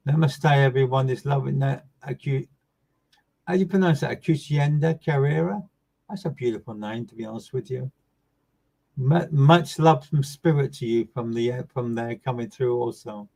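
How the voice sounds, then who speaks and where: A mid-pitched man reads for viewers as a medium on a live online session. His delivery is gentle and soothing, full of repetition, and his phrases often fade away quietly. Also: moderate pace, gravelly, low-quality recording. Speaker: psychic medium giving live readings.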